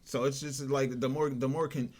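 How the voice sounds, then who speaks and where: A man's voice: medium pitch, level tone, normal speed, darkish tone. A man hosting a podcast, chatting easily and reading a news story aloud. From Chicago. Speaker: podcast host.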